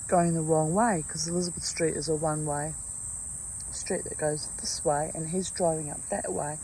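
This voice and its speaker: A woman's voice: sits low, warm tone, slight background noise, low-quality recording. A middle-aged woman telling a story casually and with animation, cursing freely and restarting her sentences. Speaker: vlogger.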